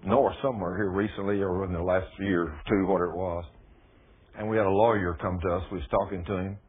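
Male preacher, husky voice, tinny phone-like radio sound. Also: medium pitch. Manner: folksy, rising to loud emphatic preaching. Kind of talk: sermon. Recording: muffled phone-like radio broadcast.

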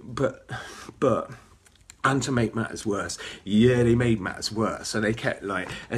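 Husky man ranting. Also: mid-range voice, normal speed. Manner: ranting, with filler runs of "duh duh" and "blah blah"; chuckles between phrases. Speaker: webcast host. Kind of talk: rambling casual monologue.

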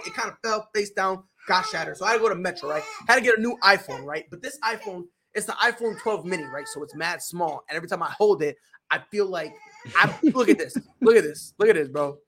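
A young adult woman hosting a sports podcast, telling stories in an animated, slangy way with lots of restarts and tag questions. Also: medium pitch, slight background noise. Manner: animated storyteller, slangy, full of restarts and "right?". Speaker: podcast host. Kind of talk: casual sports chat.

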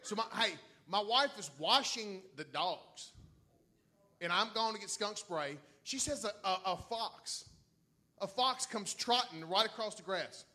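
In a high voice and at a slightly slow pace, a middle-aged pastor shares a story with his church. He's excitable and laughs often, shifting from soft asides into loud shouts.

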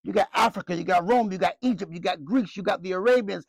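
A man preaching with a notably high voice, rising into loud bursts and then dropping to low, quiet asides. He keeps asking the congregation questions. The sound is dry, with no room echo. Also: fast talker, vocal fry, few pauses. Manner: emphatic preaching with call-and-response questions. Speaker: pastor. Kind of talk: sermon.

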